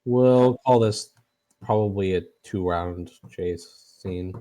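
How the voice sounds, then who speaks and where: A man narrating a tabletop game as game master, in a halting way with many fillers and restarts. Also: deep voice, dark tone.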